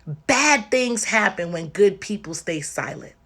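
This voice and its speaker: A woman's voice: mid-range voice, big pitch swings, measured pace, fairly bright tone, breathy edge. A woman talking on a livestream, tearful and exhausted, speaking emphatically and directly with lots of repetition. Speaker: livestream host. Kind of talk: impassioned livestream talk.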